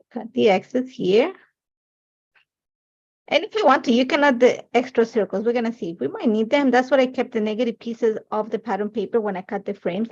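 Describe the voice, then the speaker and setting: A woman in her forties walks viewers through a live scrapbooking project in a chatty, meandering way, sprinkling "like, you know" everywhere. Her voice sits a bit high for a woman. The livestream sound is dull and lo-fi. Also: a little mellow. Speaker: craft livestream host.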